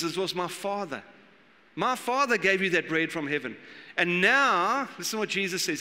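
A man preaching a sermon as pastor, animated and acting out the voices he quotes. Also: high-pitched. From South Africa. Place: church hall. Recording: long church hall reverb.

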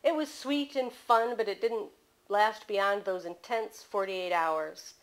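A woman author reading aloud from her mystery novel at a bookstore, in steady storytelling narration. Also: mid-range voice, slow pace, low-quality recording.

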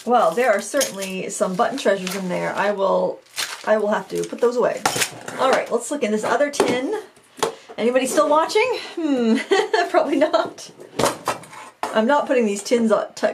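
A woman from Maine chats casually at a desk mic in her craft room, thinking aloud and poking fun at herself. Her voice has a slightly gravelly texture, and there is faint background noise. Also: mid-range voice. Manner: chatty and self-mocking, thinking aloud. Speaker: craft vlogger. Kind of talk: casual chat.

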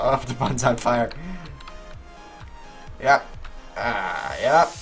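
A man giving animated let's-play commentary, yelping and talking back to the game's characters as he plays. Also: medium pitch, very slow, pauses often, faint music behind. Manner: animated, yelps at game characters. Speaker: gaming YouTuber.

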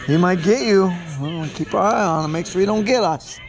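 A man's voice: sits high, a little fast, low-quality recording. A man playing with his son at a swimming pool, talking patiently, encouraging and teasing him. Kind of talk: casual playful chat with a child. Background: music.

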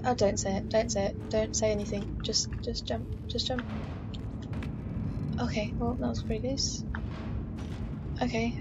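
A woman playing through a game, talking to herself with frequent swearing and exclamations. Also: on the high side. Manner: chatty self-talk, swearing and exclaiming. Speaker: let's play gamer. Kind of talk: casual gameplay commentary. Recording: dull lo-fi mic with steady background noise.

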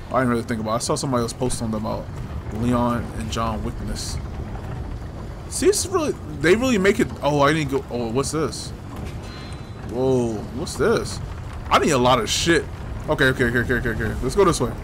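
A man's voice: medium pitch, noisy background. A man giving loose, casual commentary while playing a game, talking to himself and teasing the hero, with frequent swearing. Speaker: gameplay streamer.

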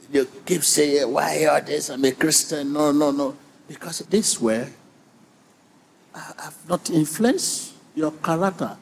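Male preacher, higher voice, slow deliberate delivery, repeats key words for emphasis, long hall reverb. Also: creaky, darkish tone, slight background noise. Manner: emphatic and repetitive, drawing the congregation in. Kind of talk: sermon.

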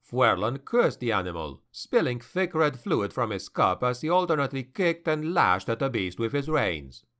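A man reading a fantasy novel aloud as an audiobook narrator, slow and measured. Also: medium pitch, very animated, fairly bright tone.

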